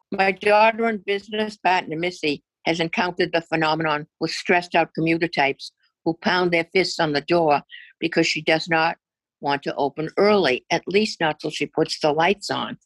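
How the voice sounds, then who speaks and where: A woman's voice: on the low side, measured pace, dry recording, poor audio. An older woman from Massachusetts reading her own humorous essay aloud with a wry, dry storytelling manner. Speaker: essay reader.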